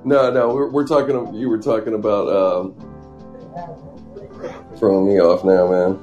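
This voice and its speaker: A man's voice: on the low side, level tone, unhurried, darkish tone, highs cut off, soft background music. A man in casual chat with a laid-back, easygoing way of talking.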